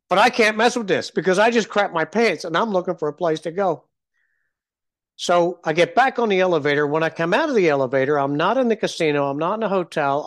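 A middle-aged man hosts a casual podcast, rambling through stories with self-mocking humor. His voice sits a little higher than most men's. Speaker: podcast host. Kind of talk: casual storytelling and show intro.

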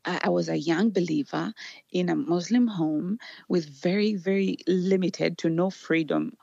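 A Ugandan woman with a low, gravelly voice tells a story in a casual interview. She is animated, laughs often and restarts her sentences, and the recording sounds dull and dry. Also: unhurried, no room sound. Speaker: guest.

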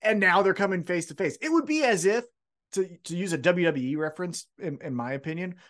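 Lively chatty male podcast co-host. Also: high voice, brisk. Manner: chatty, recaps with acted-out quotes and profanity. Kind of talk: casual wrestling chat.

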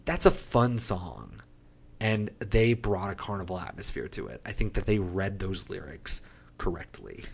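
A man with a low, husky voice rambles with enthusiasm through a casual music podcast chat, swearing now and then. His delivery is loose and conversational. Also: big pitch swings, a little slow. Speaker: podcast co-host.

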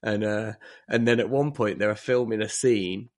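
A man's voice: fairly low pitch, normal speed. A man, telling stories in a rambling casual chat and restarting often. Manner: rambling, self-interrupting, laughs often.

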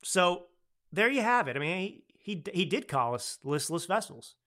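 A man's voice: high voice, sing-song, normal speed, pushed and bright. A man in his thirties hosting a political commentary podcast, talking emphatically and checking in with his producer. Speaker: podcast host.

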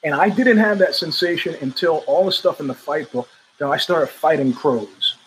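A man's voice: fairly high pitch, moderate pace, fairly bright tone, slight background noise, low-quality recording. Rambling middle-aged male show host. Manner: rambling, anecdotal, with frequent restarts and asides. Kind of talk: casual storytelling monologue.

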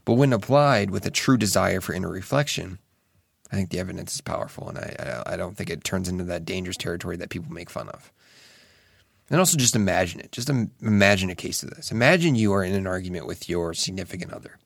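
A young man talks through a reflective monologue in an earnest, musing way, often restarting his sentences and swearing casually. His voice sits low with a gravelly, fry-edged texture. The recording is dry and close, with no room sound. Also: lively intonation, quick pace, no room sound. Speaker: solo speaker.

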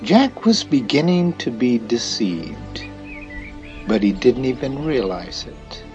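Male storyteller reading slow, voice goes up and down a lot, soft music behind. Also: medium pitch, lively intonation, lo-fi sound. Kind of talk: storybook narration.

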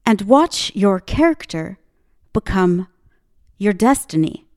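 A woman's voice: mid-range voice, big pitch swings, takes it slowly, a little mellow. A woman hosting a podcast, speaking into a microphone in an emphatic motivational monologue with punchy repeated slogans. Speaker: podcast host.

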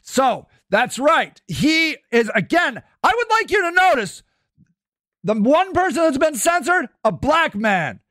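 A man hosts a podcast in a furious, profane rant, shouting much of the time. His voice sits very high and bright, with wide swings in pitch. He talks slowly and deliberately, recorded dry and close. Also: big pitch swings, no echo. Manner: shouting, cursing, heated; plays and comments on clips. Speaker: podcast host.

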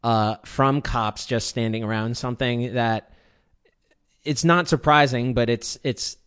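A man with a middle-pitched voice asks his questions haltingly, full of stammers and uh's. He keeps a casual interview tone. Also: steady tone, fairly bright tone, clean tone. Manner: halting, stammers, many uh fillers.

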